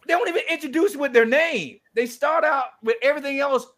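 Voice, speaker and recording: A man in an interview, talking about faith in an animated, preacherly and emphatic way. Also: very high voice, fairly quick. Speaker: guest speaker and author. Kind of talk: passionate interview conversation.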